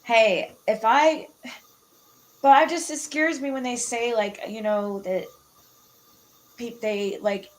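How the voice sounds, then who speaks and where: A woman's voice: fairly high pitch, fairly even intonation, slow pace, pauses often, low-quality recording. A woman in casual conversation, talking in a hesitant, rambling way that keeps trailing off. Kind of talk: casual chat.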